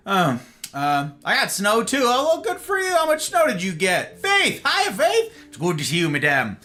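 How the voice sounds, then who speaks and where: Animated man, bright lively voice. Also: high voice, moderate pace, faint music behind. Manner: animated, jumps from excited squeals to mumbled asides. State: tired. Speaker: live streamer greeting chat. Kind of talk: casual live-stream chat.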